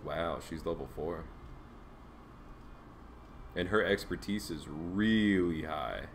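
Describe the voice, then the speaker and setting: A man casually commenting as he plays a strategy game, reacting with sudden high exclamations. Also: slow, slight background noise. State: has the hiccups. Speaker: gameplay streamer. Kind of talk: casual let's play commentary.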